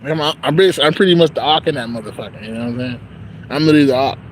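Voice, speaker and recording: A man's voice: mid-range voice, racing, a little hiss or hum, rough recording. A young man talking in a casual, rambling monologue, slangy and profane, laughing often. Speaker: vlogger.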